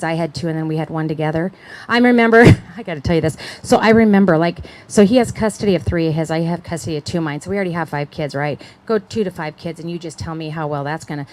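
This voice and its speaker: A middle-aged woman with a slightly low voice tells her personal testimony. She speaks in a chatty storytelling way, acts out the voices of the people she quotes, and keeps checking in with her listeners. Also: quick pace, hardly any pauses, darkish tone, rough recording. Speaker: conference speaker.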